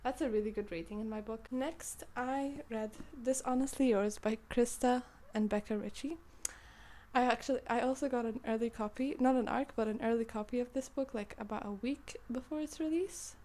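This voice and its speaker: Young female book reviewer, British-sounding accent, soft mellow timbre, playful rambling chat. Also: a little high, moderate pace. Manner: rambling, self-interrupting, playful. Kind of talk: casual chat.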